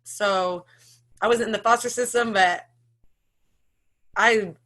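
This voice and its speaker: A woman's voice: mid-range voice, steady tone, slow, fairly bright tone. A woman in her thirties with an American accent, telling her personal story in an emotional, rambling way with many restarts and nervous laughs. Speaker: interviewee.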